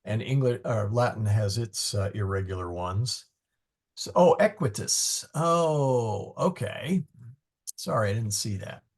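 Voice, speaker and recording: A low, husky male voice with a gravelly edge. He teaches Latin in a slow, deliberate way. He stops often to search his notes and mutters asides under his breath. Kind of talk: classroom Latin lesson.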